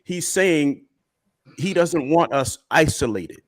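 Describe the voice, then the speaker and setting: A man's voice: on the high side, lively intonation, slow pace. Preachy man leading a faith talk. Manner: preachy, builds points with repeated phrases. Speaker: minister and co-host.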